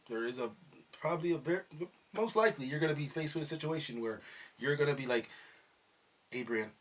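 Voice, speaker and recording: A man's voice: medium pitch, slightly rough. A middle-aged man hosting a casual family podcast, talking animatedly and often slipping into quoted voices, with many fillers like "you know what I mean". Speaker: podcast host talking with his son.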